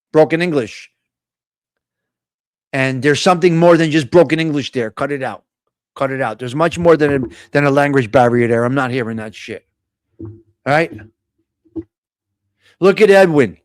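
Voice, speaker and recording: A man with a fairly high voice rambles through a casual live stream, blunt and quick to mock. The sound is dry and close, with no room around him. He jumps from thought to thought in plain everyday talk. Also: no echo. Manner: rambling, blunt, mocking asides.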